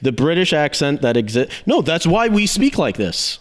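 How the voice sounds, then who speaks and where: A man's voice: a little high, very animated, moderate pace. A man hosting a podcast in casual chat, explaining things in a rambling way and correcting himself as he goes. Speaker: podcast host.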